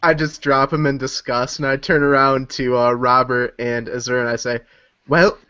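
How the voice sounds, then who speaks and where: Mid-pitched player, plain delivery, lo-fi. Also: male voice, level tone, normal speed, pushed and bright, clean tone. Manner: describes actions plainly. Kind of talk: casual tabletop play. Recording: dull lo-fi recording.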